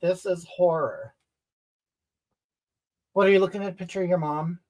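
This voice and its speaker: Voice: mid-range voice, fairly even intonation, normal speed, a little mellow, lightly acted. A performer voicing a crude, entitled, brash woman, scolding and indignant, rambling at chat in an improvised comedy stream. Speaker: comedy livestreamer reading comments in character.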